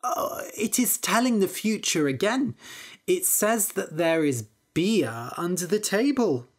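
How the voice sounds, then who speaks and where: A woman reading a storybook aloud, voicing a sly young male trickster with a smooth, scheming manner. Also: fairly low pitch, lively intonation, measured pace.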